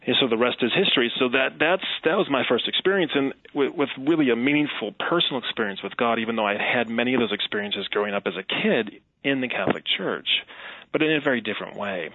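A middle-aged man from Wisconsin, a guest telling his personal testimony in an earnest, reflective way with soft laughs. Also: mid-range voice, expressive, quick pace, dry recording. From Wisconsin, USA. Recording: tinny phone-like line.

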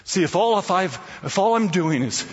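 A man's voice: high-pitched, lively intonation, normal speed. A man preaching a sermon, telling a story and quoting scripture emphatically, in a reverberant hall. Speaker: pastor. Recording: reverberant hall, dull lo-fi sound.

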